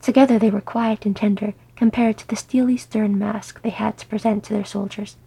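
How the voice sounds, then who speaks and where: Gravelly, husky woman reading a story. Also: medium pitch, fairly even intonation, brisk, dark tone, poor audio. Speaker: audiobook reader. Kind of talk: reading fan fiction aloud.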